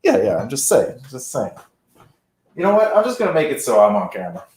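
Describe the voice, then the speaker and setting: A man's voice: medium pitch, huge pitch swings, a little fast, gravelly, a little mellow. A man co-hosting a show, joking and chatting casually while he sets up cameras for a live stream. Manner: joking, teasing, talks while busy. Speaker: podcast co-host. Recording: echoey room, faint noise.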